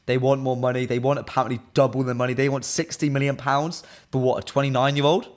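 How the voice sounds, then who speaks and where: A young man hosting a live football fan stream, talking in a loose, chatty way and giving strong opinions. His voice sits at a medium pitch. He reads viewer comments aloud, with plenty of "um"s in between. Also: level tone, quick pace. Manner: chatty, opinionated, frequent fillers. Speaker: football fan channel presenter.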